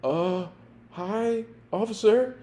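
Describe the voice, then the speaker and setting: A man's voice: sits high, slow, dark tone, pitched above the performer's own voice. A man doing a jittery, stammering teenage boy. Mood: nervous. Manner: hesitant, stammering. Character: nervous teenage boy caught by a cop.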